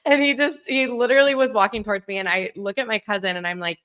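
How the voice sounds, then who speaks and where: A woman in her thirties telling a story on a podcast, animated, acting out quotes and laughing often. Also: mid-range voice, fast, smooth. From Southern California. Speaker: podcast co-host. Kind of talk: casual storytelling chat.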